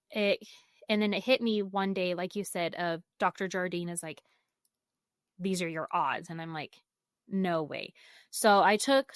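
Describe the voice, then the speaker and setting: A woman, a mother and podcast guest in her thirties, telling stories in a chatty, animated way and often quoting herself. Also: fairly low pitch, no echo, studio quality. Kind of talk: conversational storytelling.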